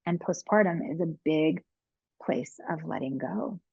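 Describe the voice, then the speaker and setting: Woman, gravelly voice, slightly low, earnest and reflective, repeats phrases for emphasis, dry slightly dull recording. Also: measured pace, no room sound. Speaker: podcast guest on motherhood and postpartum. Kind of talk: reflective conversational advice.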